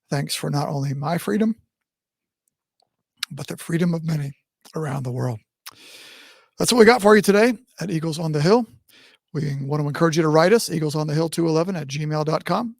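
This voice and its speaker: A man's voice: fairly high pitch, gravelly, dry recording. A man hosting a podcast, speaking in an earnest, grateful way as he wraps up the episode. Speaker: podcast host. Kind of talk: casual podcast talk.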